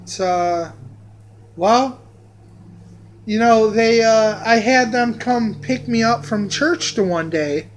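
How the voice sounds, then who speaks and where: Slow-talking man with a profane, rambling story. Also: high voice, slight background noise. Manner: profane, repeats phrases, drawn-out. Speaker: vlogger telling a personal story. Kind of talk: rambling personal anecdote.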